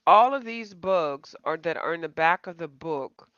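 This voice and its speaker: Chatting with y'all on her casual coloring live-stream, the host rambles and makes fun of herself. She speaks in an animated, unhurried way, her voice on the low side and fairly bright. The home recording is dry, slightly dull, with no room sound.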